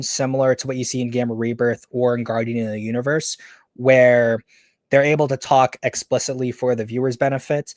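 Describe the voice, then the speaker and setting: Man casually pitching a story. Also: darkish tone, no echo, studio quality. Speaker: podcast host.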